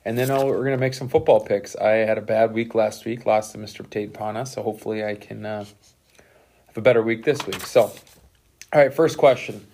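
A man who is a teacher hosting a casual interview, relaxed and encouraging, with lots of "you know" and "right". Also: fairly low pitch, fairly quick, slight background noise. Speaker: teacher and podcast host.

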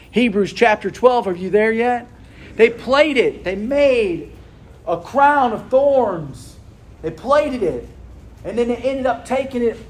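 Man, preacher, high voice, slow deliberate delivery, rhetorical questions, sermon to a congregation. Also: darkish tone. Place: room with a congregation.

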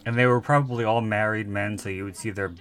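A man co-hosting a podcast, chatting casually about a film, slow and hesitant with crude humor. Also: on the low side, fairly even intonation, a bit bright. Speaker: podcast co-host.

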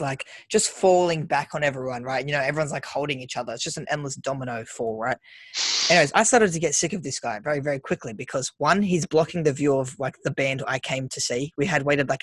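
A man's voice: a little high, a bit bright, no room sound. A young Australian man hosting a casual chat over a video call and telling stories, chatty and laughing often. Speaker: podcast host.

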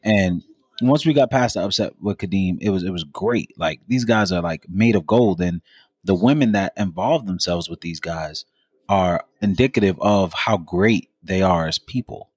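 A man's voice: low-pitched, normal speed, dry recording. A man in casual podcast banter, teasing his friends in heavy slang. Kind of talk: casual group chat.

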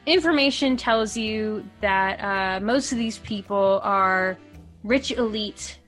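Woman, game master, tabletop narration, rambling, mid-pitched. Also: slow pace, a bit bright, faint music behind. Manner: rambling, filler-heavy descriptions.

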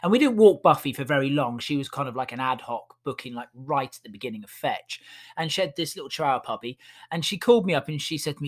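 A man's voice: mid-range voice, animated, fast talker. Chatty man telling stories. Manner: chatty, amused, lots of fillers. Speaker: podcast host and dog walker. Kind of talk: casual storytelling.

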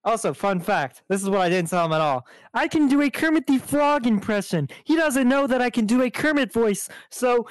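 A man's voice: extremely high pitch, expressive, fairly quick, hardly any pauses, smooth, no room sound. A man who is a guest on a livestream, joking and bossing his chat around in a casual way. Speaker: streamer guest.

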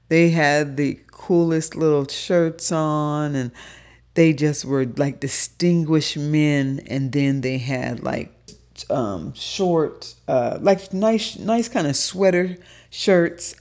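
A woman, a dating coach, telling her own dating stories in a casual vlog, animated and profane, jumping up high when she quotes herself. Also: takes it slowly.

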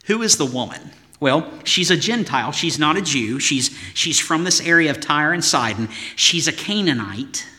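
Male pastor, sermon, bright ringing voice, fairly high pitch, emphatic rhythmic delivery, long hall echo. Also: expressive, moderate pace, few pauses. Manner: emphatic, rhythmic lists and rhetorical questions.

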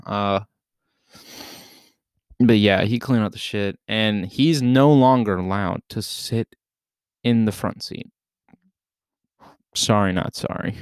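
A young man telling a story in casual chat, profane and animated, shouting when he retells what was said. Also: fairly low pitch, slow, pauses often, clean tone, no room sound, clean studio sound.

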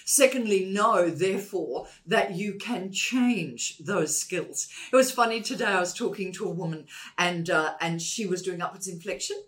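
Emphatic animated woman giving advice. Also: lowish voice, normal speed. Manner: emphatic, animated, repeats points for stress. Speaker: communication expert guest. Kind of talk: conversational interview.

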